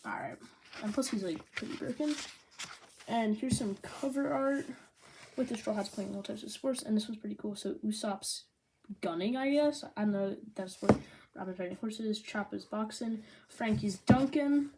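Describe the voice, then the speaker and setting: A woman giving a casual manga review, rambling and excitable, with lots of "like" fillers. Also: medium pitch, normal speed, heavy background noise.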